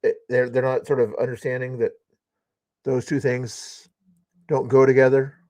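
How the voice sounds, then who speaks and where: A man's voice: mid-range voice, flat delivery, normal speed, darkish tone, no echo. A man hosting a live news commentary stream, speaking in a sarcastic, scoffing way.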